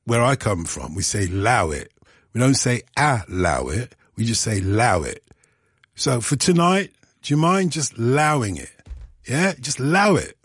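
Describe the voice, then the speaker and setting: A man's voice: medium pitch, breathy edge, no echo, studio quality. A man presenting a radio phone-in, explaining himself earnestly and chatting with callers. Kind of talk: casual radio phone-in chat. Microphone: studio microphone.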